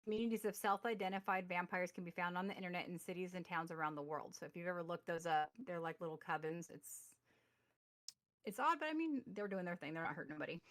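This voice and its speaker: Over a remote call mic, a forties-aged woman co-hosts a laid-back podcast, reading out articles and wandering off with plenty of fillers and restarts. Her pitch is fairly low, her tone fairly bright, and there's no echo.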